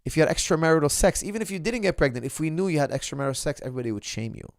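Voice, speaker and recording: A man's voice: on the high side, lively intonation, very fast, dry recording, studio quality. A middle-aged man, a martial arts coach, talking casually and bluntly to his viewers, calling them "guys" and often restarting his sentences.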